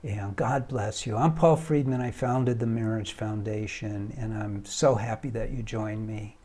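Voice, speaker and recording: A man delivering passionate marriage advice to camera. His voice is mellow and warm, and he presses points with rhetorical questions, then softens into hushed, almost whispered lines. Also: fairly low pitch, steady tone, unhurried. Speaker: marriage counselor and foundation founder. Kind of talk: direct-to-camera advice talk.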